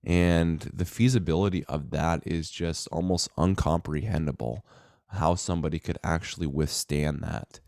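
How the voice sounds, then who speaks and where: A man's voice: low-pitched, fairly even intonation, moderate pace, creaky, darkish tone, no echo, clean studio sound. A man in a casual, reflective monologue to his viewers, full of fillers and restarts. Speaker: self-help vlogger.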